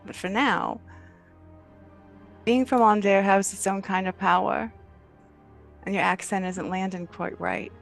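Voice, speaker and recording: A player at a tabletop game with a voice pitched in the middle range, talking in a brash, playful way and cursing freely. Soft music plays faintly underneath. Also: fairly even intonation, a little slow, vocal fry, pauses often. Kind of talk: casual game table chat.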